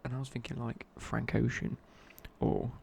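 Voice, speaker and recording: A man's voice: medium pitch, level tone, moderate pace, gravelly, darkish tone, slight background noise. A young man telling a rambling casual story in a whispered ASMR chat. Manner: rambling, casual, many fillers and restarts. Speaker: ASMR creator.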